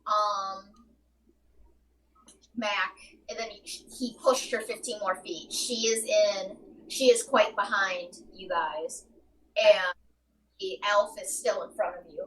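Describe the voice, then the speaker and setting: A woman narrating as game master of a tabletop game, halting often with ums. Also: mid-range voice, steady tone, pushed and bright. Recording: distant mic with faint noise.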